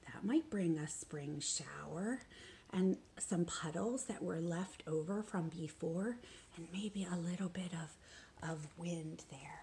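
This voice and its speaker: A young woman teacher reading a picture book aloud to young children, soft and sing-song. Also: on the low side, takes it slowly, a little hiss or hum. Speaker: preschool teacher.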